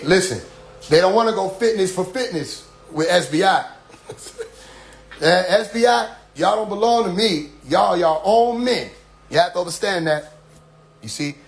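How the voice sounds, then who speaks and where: A man in an impassioned address to his followers, preachy and full of rhetorical questions, often repeating "you see?". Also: high-pitched. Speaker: group leader addressing followers.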